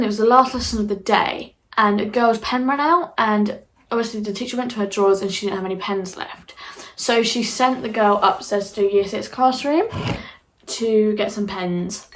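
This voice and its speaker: A young woman telling a school story in a casual vlog, animated, swearing freely and acting out her own reactions. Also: mid-range voice, low-quality recording. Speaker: vlogger.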